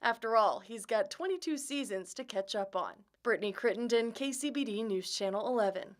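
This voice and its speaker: A woman reporter narrating a news story in a measured, polished way. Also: fairly high pitch, lively intonation.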